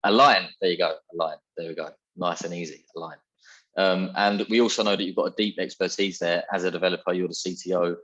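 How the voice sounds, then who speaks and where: A man's voice: deep voice, steady tone, fast talker, muffled recording. A man hosting a podcast interview in an upbeat, chatty, effusive way. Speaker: podcast host. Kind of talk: casual interview chat.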